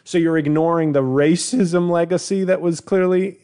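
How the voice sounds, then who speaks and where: A man's voice: on the high side, steady tone, normal speed, dark tone, clean tone. Rambling male comedian podcaster. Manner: rambling, self-interrupting, puts on mock voices for bits. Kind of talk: solo podcast monologue.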